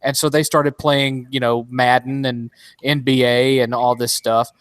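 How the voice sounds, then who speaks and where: A man's voice: mid-range voice, level tone, a little slow, smooth, dry recording, clean studio sound. A man talking in a casual podcast chat, rambling with many restarts and fillers.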